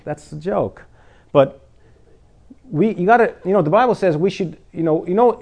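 Warm in tone and mid-range in pitch, a man gives his congregation a casual sermon. He asks plenty of rhetorical questions and now and then laughs at his own jokes.

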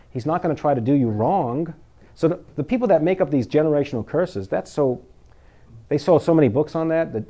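A man's voice: a little high, dark tone. A man preaching an informal sermon to his congregation, conversational and full of rhetorical questions, at times laughing at his own jokes.

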